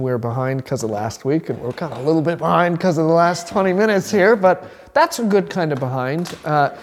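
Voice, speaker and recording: A middle-aged man teaches a church class as its pastor, talking in a loose, rambling way full of restarts and side remarks. His pitch sits in the middle range. The recording carries a long reverb from a large hall. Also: a little mellow. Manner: conversational, rambling with restarts and asides.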